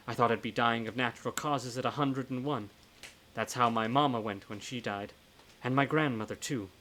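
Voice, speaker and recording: A man's voice: mid-range voice, a bit bright, slight background noise, lightly acted. A man voicing a blunt old woman ghost. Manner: put-on accent, scolding and teasing. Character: elderly woman ghost, warm, blunt, motherly. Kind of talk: live reading of a horror novel.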